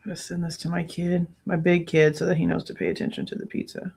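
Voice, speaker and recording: On her at-home true crime livestream, a woman reacts casually and rants in exasperation, swearing loosely and thanking viewers between gripes. She talks fast with flat delivery in a low, creaky, husky voice that's a little mellow. She's on a desk mic, no headphones.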